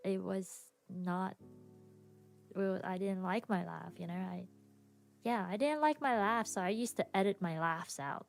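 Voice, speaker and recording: Woman stream host, casual rambling chat, nervous laughs, slow delivery. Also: medium pitch, vocal fry, faint music behind. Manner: laughs often, talks about herself with a self-conscious, rambling manner.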